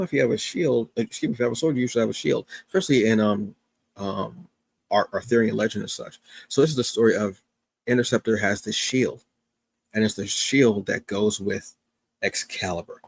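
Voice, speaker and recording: A man's voice: on the low side, creaky, no room sound. A tired man hosting a comics review stream, talking casually and enthusiastically with lots of fillers and restarts. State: tired, up since early morning. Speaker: comics review show host. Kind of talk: casual solo livestream talk.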